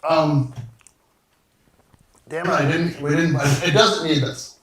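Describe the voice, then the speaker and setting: A man's voice: fairly high pitch, steady tone, slow pace, fairly bright tone, distant mic. Rambling man in an echoey kitchen. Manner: enthusiastic, rambling, trailing off mid-sentence. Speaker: cooking show co-host. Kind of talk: casual livestream chat while eating.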